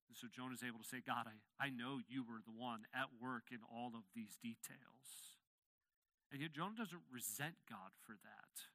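Earnest bright-voiced male preacher. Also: medium pitch, no room sound. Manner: earnest, rises to emphatic peaks when quoting scripture. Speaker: pastor. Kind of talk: expository sermon.

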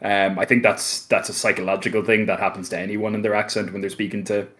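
A man with a soft, light Irish accent from Carlow chats at an easy pace as a podcast guest. His voice sits a bit low, and he rambles comfortably, filling gaps with ums and likes. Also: quick pace. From Ireland. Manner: relaxed, rambling, many fillers and restarts. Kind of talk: casual conversation.

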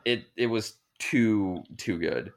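A man's voice: on the low side, takes it slowly. A man hosting a podcast in a laid-back, jokey way, swearing casually. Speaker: podcast host. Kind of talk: casual chat.

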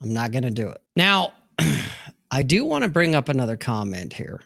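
A man hosting a live-streamed discussion, swearing freely, laughing loudly and reading viewer comments aloud. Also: medium pitch, very animated, moderate pace, gravelly, dry recording, clean studio sound. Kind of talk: casual live-stream chat.

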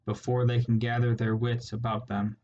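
A man's voice: medium pitch, completely flat delivery, normal speed, warm tone, lightly acted. A man voicing a menacing, irritable male rat warlord who gives curt orders, in a slightly muffled recording with faint hiss. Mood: irritable, commanding.

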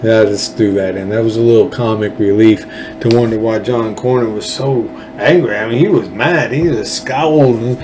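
A man's voice: on the low side, normal speed, noisy background. A man hosting a political podcast, rambling and sarcastic, with many fillers and restarts.

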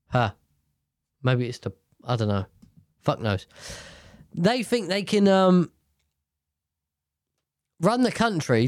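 A man's voice: sits high, a little mellow, no room sound, clean studio sound. A man giving a blunt, profane, rambling rant about politics.

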